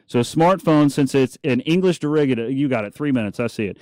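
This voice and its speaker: A man's voice: on the high side, brisk, few pauses, a little mellow, no echo, studio quality. A man hosting a talk radio show, chatty and opinionated with joking asides. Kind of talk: casual talk radio monologue. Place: radio studio.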